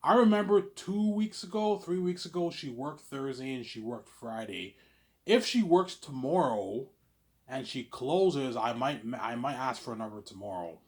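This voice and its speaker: A man's voice: mid-range voice, lively intonation, moderate pace, a little mellow. A man speaks to camera in a loose, rambling monologue. He stutters through filler words and repeats himself often, with a middling voice and an everyday delivery. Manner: stammering, repeats words, keeps saying "obviously". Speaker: vlogger.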